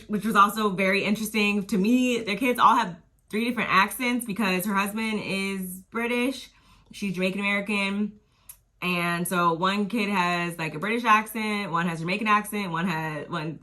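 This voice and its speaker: A woman's voice: mid-range voice, pushed and bright. A woman casually recapping a reality TV episode in a chatty, slangy way, laughing and acting out her own reactions.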